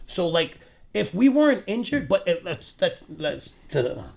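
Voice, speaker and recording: This is a young man, chatting casually about sports as a podcast co-host. His pitch swings up and down, and his voice sits a bit high for a man. He swears freely and keeps reassuring his friend. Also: a little slow, gravelly. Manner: animated, profane, reassuring.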